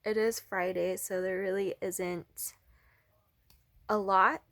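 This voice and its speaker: A young woman talking casually at home, chatty and bubbly, with many fillers and some hushed asides. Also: mid-range voice, steady tone, slow pace, dry recording. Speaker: vlogger and art teacher. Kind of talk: casual vlog chat. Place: indoors at home, in a bedroom.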